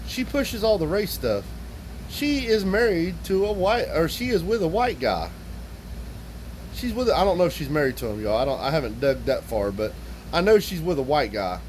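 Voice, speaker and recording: A man's voice: on the high side, darkish tone, a little hiss or hum, rough recording. A man, speaking bluntly and profanely as he rants straight at his viewers. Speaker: vlogger. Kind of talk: casual ranting monologue to viewers.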